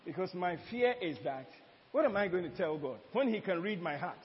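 A man's voice: sits high, animated, brisk. A man preaching a sermon as pastor, mixing teaching with asides to the congregation. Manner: preaching with call-and-response asides and laughter. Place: church hall. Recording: dull sound with long hall reverb.

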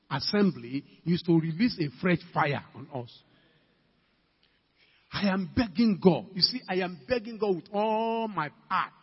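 Ghanaian male preacher, emphatic sermon that climbs to shouts, raised pitch, dull reverberant hall recording. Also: breathy edge. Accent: Ghanaian English. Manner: emphatic, calls out to the congregation, rising to shouts. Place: church hall.

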